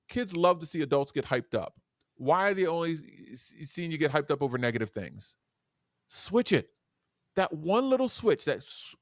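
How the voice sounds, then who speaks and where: A man who is a guest educator and speaker on a podcast interview, talking in an animated, demonstrative way that swings between loud and soft. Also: fairly high pitch, no room sound, studio quality.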